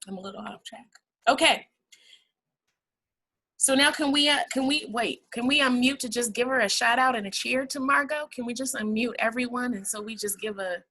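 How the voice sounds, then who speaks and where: Woman, virtual fundraiser host, casual heartfelt speech, bright tone, video call audio. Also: fairly high pitch, normal speed, low-quality recording. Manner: casual and heartfelt, says y'all. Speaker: event host for a housing nonprofit.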